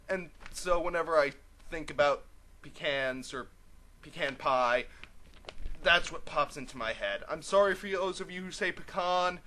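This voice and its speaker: A man's voice: a little high, moderate pace, pushed and bright, a little hiss or hum. A young man vlogging casually to camera, chatty and rambling with many fillers. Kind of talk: casual vlog talk to camera.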